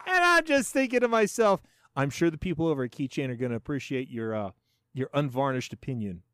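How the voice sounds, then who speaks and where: A man's voice: medium pitch, a little fast. A man in his forties hosting a profane, sarcastic commentary show, ranting with lots of swearing. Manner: animated, sarcastic, swears a lot. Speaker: show host.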